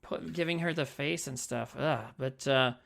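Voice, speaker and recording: A man co-hosting a podcast in casual chat, retelling a film in a rambling, animated way. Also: medium pitch, normal speed, vocal fry. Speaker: podcast co-host.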